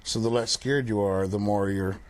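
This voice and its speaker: Young male guest, lowish voice, easygoing, lots of "um" and "like". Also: normal speed, slight background noise. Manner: relaxed, plain-spoken, uses many fillers like "um" and "like". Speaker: paranormal investigator guest. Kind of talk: casual TV interview. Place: TV studio.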